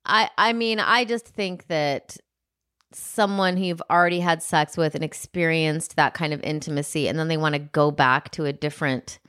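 A woman's voice: low voice, moderate pace, a bit bright, clean tone, dry recording, clean studio sound. A woman co-hosting a podcast, chatting in a laughing, affectionate way. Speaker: podcast co-host. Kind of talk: casual banter.

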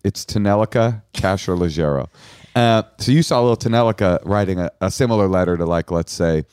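Lower-voiced man, jokey podcast co-host. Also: a little fast, clean tone, no room sound, clean studio sound. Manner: animated, jokey, mock voices. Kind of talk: casual comedic chat.

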